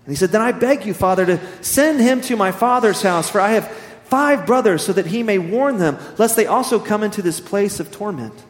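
A man's voice: sits high, expressive, fairly quick, few pauses, a little hiss or hum, pitched above the performer's own voice. A man reading the part of a tormented rich man, pleading in a dramatic scripture reading. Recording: echoey hall.

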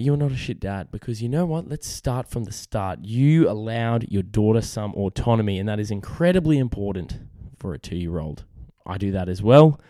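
A man's voice: fairly low pitch, warm tone, no echo. A young Australian man hosting a casual podcast, laid-back and matey, swearing freely and losing his voice. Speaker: podcast host. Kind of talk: casual chat.

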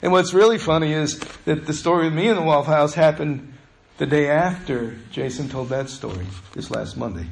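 A man's voice: on the high side, moderate pace, gravelly, hardly any pauses. A male pastor preaching a sermon in a conversational, storytelling way.

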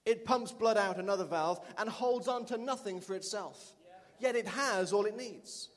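Pastor, male, high-pitched, emphatic repeater, preaching in a reverberant church hall. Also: normal speed. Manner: emphatic, repeats lines for the congregation. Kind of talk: sermon. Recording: long reverb of a large hall.

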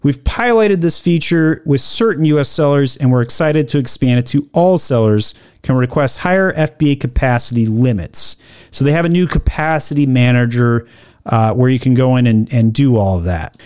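A man giving blunt, opinionated business commentary, reading out policy lines slowly and then riffing on them with sarcasm. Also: medium pitch, lively intonation, darkish tone, smooth. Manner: reads quoted policy text slowly, then riffs.

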